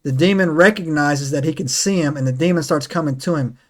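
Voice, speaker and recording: A man with a somewhat high voice hosts a casual podcast conversation. He tells his stories with eager energy and keeps checking in with "right?" and "man". His tone stays loose and conversational. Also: fairly quick. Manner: excitable storyteller, lots of "right?" and "man". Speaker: podcast host.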